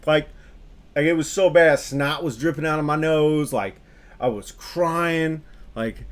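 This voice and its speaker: A man's voice: on the high side, a little slow. A young adult man on a gaming stream, casually telling a story while he plays, laughing often and talking in loose slang.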